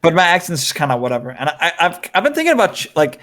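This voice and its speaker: A man with a somewhat high voice chats casually as a podcast host. He rambles freely and leans heavily on "like" and tag questions. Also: huge pitch swings, racing, fairly bright tone. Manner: rambling, heavy use of "like" and "right?". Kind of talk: casual chat. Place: lives in Korea.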